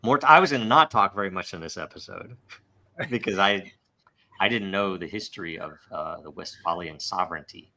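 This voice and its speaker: A man hosting a podcast in casual chat, halting and rambling with many fillers and restarts. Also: low-pitched, bright, forceful tone. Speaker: podcast host.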